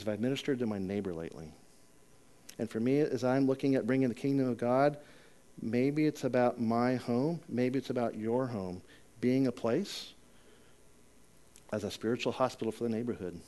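A man preaching a conversational sermon, telling a personal story with chatty asides, rising loud and high in exciting parts and dropping low and soft to reflect. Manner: chatty asides and self-deprecating humor.

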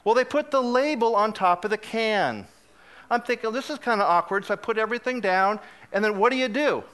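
A guest preacher with a brisk voice that sits high delivers a sermon. He tells a funny personal story full of lively, self-deprecating humor and frequent laughs.

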